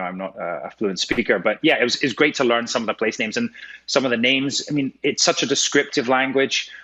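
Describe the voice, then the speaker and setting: A Scottish man talks as a remote guest over a video call, with a bright, forceful voice. He is chatty and quick to laugh, and he restarts his sentences often. The audio is dull and lo-fi. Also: medium pitch. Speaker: actor guest. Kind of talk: casual interview chat.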